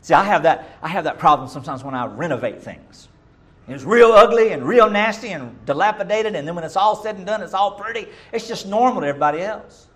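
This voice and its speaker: Middle aged guy preaching, kinda high voice, goes loud then drops real quiet. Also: lively intonation, fairly quick. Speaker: pastor. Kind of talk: sermon.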